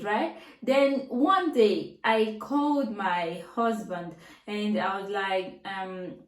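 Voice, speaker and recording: A woman's voice: mid-range voice, takes it slowly, recorded from a distance. Chatty young woman in an echoey room. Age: 20s. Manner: chatty, animated, acts out quoted dialogue. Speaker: vlogger. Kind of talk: casual storytime.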